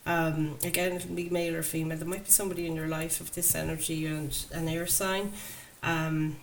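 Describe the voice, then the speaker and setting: A woman's voice: sits low, flat delivery, fairly quick, rough recording. Chatty woman reading tarot. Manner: enthusiastic, chatty, laughs often. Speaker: tarot reader. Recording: faint background noise.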